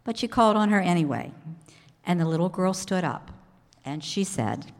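Woman pastor, low-pitched, unhurried sermon storytelling; long church reverb. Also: animated. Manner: measured storytelling with pauses. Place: church sanctuary. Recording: echoey hall reverb.

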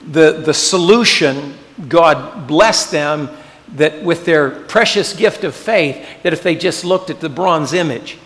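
A man's voice: fairly high pitch, fairly bright tone, big-room sound. An older man preaching a sermon as pastor, earnest and building to fervent emphasis. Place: church sanctuary.

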